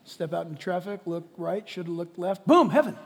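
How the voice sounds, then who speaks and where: A man preaching a sermon as pastor, swinging from shouting to hushed, quiet lines. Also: high voice, little pitch movement, moderate pace, creaky, a little hiss or hum. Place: church sanctuary. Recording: long reverb of a large hall.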